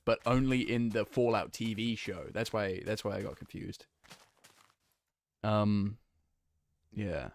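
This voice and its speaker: A man's voice: mid-range voice, no room sound. A young man streaming a game, chatting casually and laughing, flustered and rambling. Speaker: gaming streamer.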